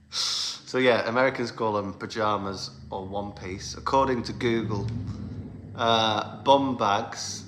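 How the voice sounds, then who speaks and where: A UK band leader talks to fans over a casual livestream in a roomy, echoey space. His mid-range voice is bright and forceful, and he rambles with many fillers and laughs.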